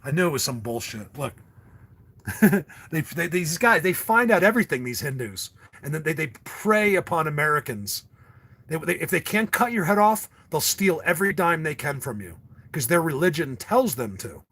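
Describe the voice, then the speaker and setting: Guy ranting on his livestream, husky voice, jumps all over the place. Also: a little high, big pitch swings, normal speed, pushed and bright. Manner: rambling, ranting, restarts often. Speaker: livestream host. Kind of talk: casual livestream chat.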